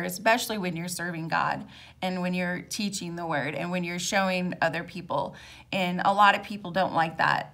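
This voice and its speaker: A woman giving an earnest, casual Bible study, reading scripture aloud and reflecting in a halting way, with many fillers and restarts. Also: on the low side, creaky, fairly bright tone. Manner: reads scripture aloud between personal reflections. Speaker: Bible teacher.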